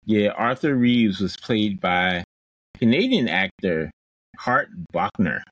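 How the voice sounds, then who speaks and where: A man's voice: lowish voice, very animated, takes it slowly, fairly bright tone, no echo, rough recording. A man co-hosting a podcast, retelling a film's plot in casual chat with restarts and playful asides. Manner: rambling plot recap with restarts and playful quoted voices. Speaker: podcast co-host. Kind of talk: casual chat recapping a film.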